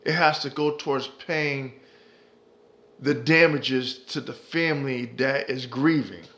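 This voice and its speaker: A commentary vlogger rants with impassioned, profane heat, repeating phrases for emphasis. His voice is medium-pitched, slow, and fairly bright.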